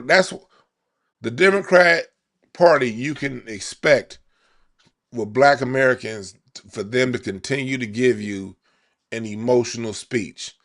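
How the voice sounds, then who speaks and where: A man hosts a card-reading session in a relaxed, slangy monologue with a gravelly rasp. He often restarts and repeats words as he thinks aloud. His voice sits at an ordinary middle pitch. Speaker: card reader, channel host.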